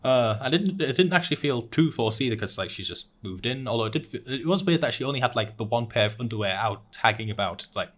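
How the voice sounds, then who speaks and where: A man's voice: mid-range voice, animated, fast talker, few pauses, fairly bright tone. A young man co-hosting a casual anime talk show, recapping episodes in a rambling way with lots of "uh" and restarts and laughing at his own jokes. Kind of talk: casual chat.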